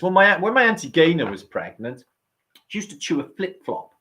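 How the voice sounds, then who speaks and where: A man's voice: on the high side, very animated, normal speed, sharp tone. A man hosting a late-night livestream, rambling and swearing as he chats with his viewers and answers their comments. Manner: rambling, sweary, chatty with the audience. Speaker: livestream host.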